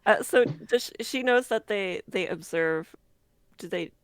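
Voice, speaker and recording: A woman playing a tabletop game, unhurried and hesitant as she thinks aloud. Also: mid-range voice, clean tone, no echo. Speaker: player.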